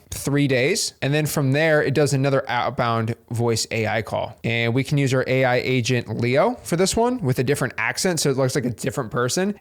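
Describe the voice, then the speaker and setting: A man hosting a casual screen-share software demo, energetic and salesy, full of "like" fillers. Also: fairly high pitch.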